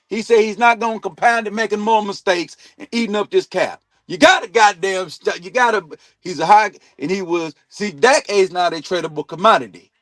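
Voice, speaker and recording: A man with a high voice rants about football on his own sports talk stream. He is blunt and profane, and he swings from loud bursts down to low asides. The sound is close and dry, with no room echo. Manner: heated, blunt, swears a lot, swings loud and quiet. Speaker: sports talk show host. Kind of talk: profane sports opinion rant. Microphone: streaming mic.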